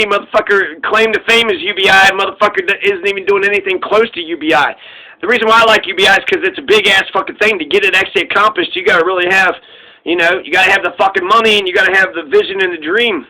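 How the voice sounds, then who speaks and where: A man's voice: high-pitched, bright, forceful tone, poor audio. A man giving a rambling, profane, sarcastic political rant as a commentary host.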